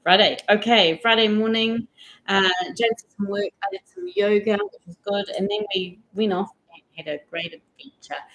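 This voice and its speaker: A woman's voice: medium pitch, expressive, moderate pace, fairly bright tone, poor audio. Enthusiastic middle-aged woman, casual chat. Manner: enthusiastic, chatty storyteller. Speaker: vlog co-host.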